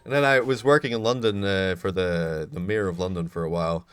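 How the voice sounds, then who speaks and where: A Scottish man commentating on a live esports match, chatty between plays and shouting with excitement when a fight breaks out. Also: low voice, a little fast, smooth, no room sound, soft background music. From Scotland. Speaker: esports caster.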